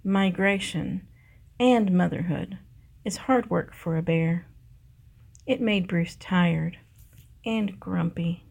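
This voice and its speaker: Unhurried woman reading a picture book. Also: on the low side, darkish tone. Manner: slow and clear. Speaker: librarian. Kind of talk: children's picture book read-aloud.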